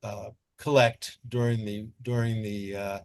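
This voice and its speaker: A man's voice: fairly low pitch, flat delivery, a little slow, darkish tone, no room sound. A man moderating a volunteer panel, talking casually with many fillers and restarts. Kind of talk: casual online panel talk.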